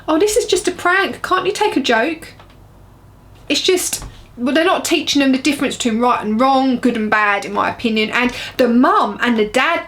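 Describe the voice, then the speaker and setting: A woman's voice: sits high, a bit bright. A woman vlogging to camera in an emotional rant, earnest and repeating words for emphasis. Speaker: beauty vlogger.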